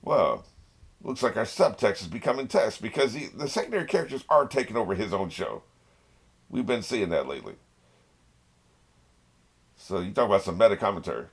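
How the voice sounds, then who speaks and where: A man's voice: lowish voice, very animated, fairly quick, long pauses, breathy edge. A man hosting an anime reaction video, chatting casually, laughing often and talking back to the screen. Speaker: anime reaction channel host.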